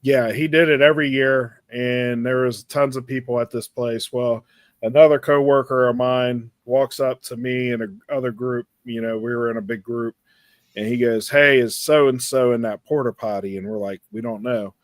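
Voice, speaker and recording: A man tells a rambling, crude story on a podcast, in the loose way of casual chat. His voice sits at an ordinary pitch. The sound is dry and close, with no room echo. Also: moderate pace. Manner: rambling, animated anecdote with crude language. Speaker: podcast co-host.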